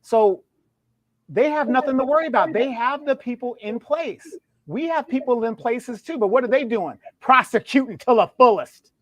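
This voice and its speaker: A man's voice: extremely high pitch, expressive, normal speed, no echo. A man co-hosting a livestream, speaking earnestly in long explanatory stretches. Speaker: co-host. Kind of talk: casual livestream discussion.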